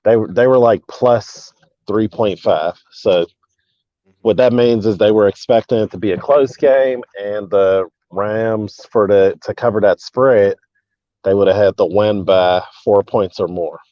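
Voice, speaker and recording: A low-voiced man chats about sports over a remote call, laid-back and thinking out loud as he goes. The audio is dull and lo-fi. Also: unhurried, dry recording. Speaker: co-host. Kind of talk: casual sports talk.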